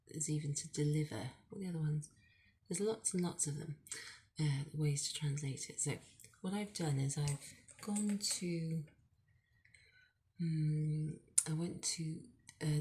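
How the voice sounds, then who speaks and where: Slow, low-voiced woman teaching. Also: warm tone. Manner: slow, explanatory, with many fillers. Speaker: language teacher. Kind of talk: language lesson at a whiteboard.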